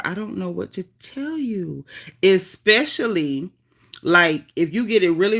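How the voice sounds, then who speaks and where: A woman hosting a casual livestream, reading viewer comments aloud in a chatty, animated, folksy way. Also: mid-range voice. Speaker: livestream host reading chat. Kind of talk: casual live chat.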